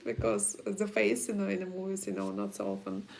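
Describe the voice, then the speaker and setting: A woman's voice: medium pitch, gravelly, very noisy. A woman with a Russian accent answering viewer questions in a casual livestream, blunt and frank in her chatty talk.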